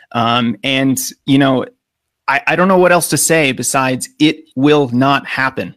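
A man's voice: mid-range voice, normal speed, a bit bright, dry recording, clean studio sound. A middle-aged American man, a running coach, explaining training earnestly in a podcast interview with frequent filler words. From United States.

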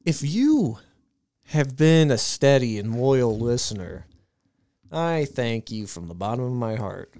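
Man, podcast co-host, gravelly, slow, pleading and profane, lively pitch. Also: no echo, clean studio sound. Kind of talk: casual podcast outro.

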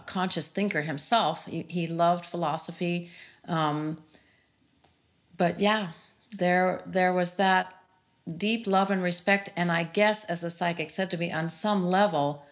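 A woman's voice: on the low side, fairly bright tone. A middle-aged woman and sound healer speaking earnestly and reflectively as a guest, with many "you know" fillers. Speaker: sound healer and interview series host, as guest. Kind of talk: personal conversation about grief.

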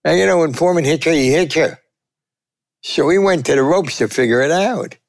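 An older man, a veteran sportswriter telling a lively story and acting out the quotes. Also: a little fast. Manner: lively, acts out quotes with big pitch jumps. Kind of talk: animated storytelling.

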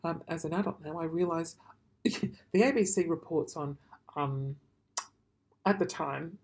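A woman's voice: deep voice, unhurried, long pauses, a little mellow, breathy edge. A young Australian woman in casual chat, emotional and gushing, swearing freely. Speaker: vlogger reacting to old news clips.

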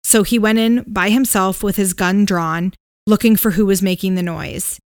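A woman's voice: medium pitch, normal speed, dry recording. Dry-voiced woman telling a spooky story. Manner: relaxed retelling with fillers and hedges. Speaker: podcast co-host.

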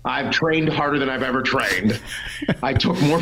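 A man's voice: mid-range voice, lively intonation, moderate pace, vocal fry, over a noisy crowd, poor audio. Blunt, profane man telling his story. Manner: blunt and profane, voices others in quotes. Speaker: guest, pro bodybuilder. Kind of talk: casual interview storytelling.

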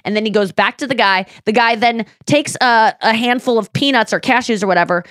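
A woman's voice: on the high side, fairly quick, dry recording, clean studio sound. A woman co-hosting a podcast in casual chat, telling stories with energy, swearing freely and acting out quotes. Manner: animated storyteller who swears freely and acts out quotes. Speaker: podcast co-host.

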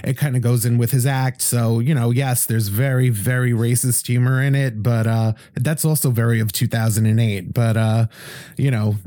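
A horror host talks through a film in a mellow, dark-toned voice, stumbling over his words and cracking jokes as he goes. The recording is dry and close. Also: medium pitch, steady tone, moderate pace, no echo. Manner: rambling, stammering restarts, joking. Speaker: horror host and editor, podcast guest. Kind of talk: casual film-review chat.

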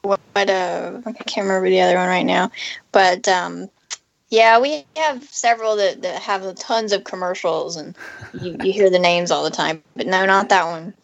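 A woman's voice: lowish voice, steady tone, normal speed, vocal fry. A woman co-hosting a podcast, chatting casually and hesitantly with plenty of fillers. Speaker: podcast co-host. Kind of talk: casual chat. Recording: dry, dull lo-fi mic.

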